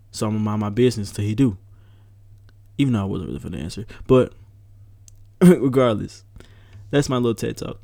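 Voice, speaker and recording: A young man hosting his own podcast from home, talking in a casual, rambling way, relaxed but animated when riled up. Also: on the low side, gravelly, dry recording. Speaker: podcast host. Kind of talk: casual solo podcast rant.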